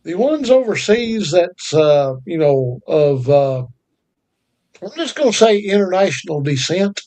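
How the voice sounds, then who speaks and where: Man, high-pitched voice, folksy drawl, country sayings, chatty podcast co-host. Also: sing-song, unhurried, a little mellow. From North Carolina. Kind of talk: casual chat.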